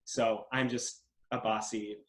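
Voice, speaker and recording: A male actor from Minnesota, telling stories in an animated, joking way during a casual interview. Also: lowish voice, takes it slowly, noisy background. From Minnesota, USA. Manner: animated, jokey storytelling. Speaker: guest actor. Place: home in New York City. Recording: echoey room.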